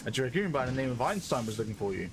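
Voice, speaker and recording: A man reading the part of a brisk, cheerful male engineer, upbeat and quick to report news. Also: mid-range voice, big pitch swings, background noise. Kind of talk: reading game dialogue aloud.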